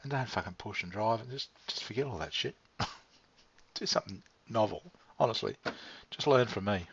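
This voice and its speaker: A man's voice: fairly low pitch, expressive, normal speed, creaky, fairly bright tone, a little hiss or hum. A man talking in a meandering, laid-back monologue, swearing casually and chuckling as he goes. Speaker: vlogger. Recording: dry, slightly dull lo-fi sound.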